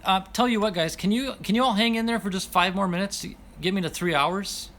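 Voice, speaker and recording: A man's voice: sits high, brisk, fairly bright tone. Chatty, apologetic male livestream host. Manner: apologetic, self-deprecating, laughs often. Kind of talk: casual livestream chat, reading viewer comments.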